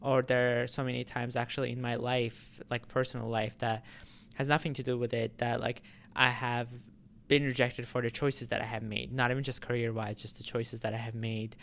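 A man vlogging straight to his audience, his voice smooth and clear at a middling pitch. He rambles in a relaxed way, circling back with fillers and restarted phrases as he thinks aloud. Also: normal speed. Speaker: YouTuber. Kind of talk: casual vlog talk to camera.

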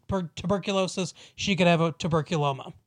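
A man telling a story in a loose, rambling way, his voice a little on the high side. He stumbles and restarts as he goes, and acts out the lines of the people in the story. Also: fast. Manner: rambling, many restarts, acts out quoted lines, laughs often. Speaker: podcast co-host recapping a TV episode. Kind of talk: casual chat.

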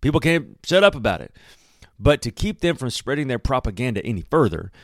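Worried elders of a ruling council , as a man reads their words aloud talk fast and a little louder than plain speech. They sound anxious. The recording is dry. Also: medium pitch, sing-song, no room sound.

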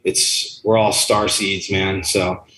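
A man's voice: low voice, level tone, takes it slowly, reverberant, crowd noise, rough recording. A man and musician talking casually and earnestly in a rambling, philosophical way. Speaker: musician guest. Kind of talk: casual chat.

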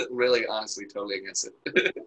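A podcast co-host with a mid-range, sharp-toned voice talks at a moderate pace on a low-quality recording. Chatting casually and crudely with a friend, he jokes around and laughs constantly.

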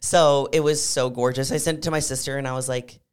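Chatty woman with a low, smooth voice. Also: a little fast. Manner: chatty, animated, lots of "like". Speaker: podcast co-host. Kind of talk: casual chat.

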